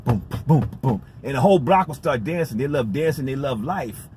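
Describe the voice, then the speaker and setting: A man's voice: mid-range voice, lively intonation, brisk, darkish tone, a little hiss or hum. A man telling a story in a casual, rambling vlog, emphatic and repetitive, with some swearing. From United States. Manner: rambling, emphatic, profane, repeats himself. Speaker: vlogger.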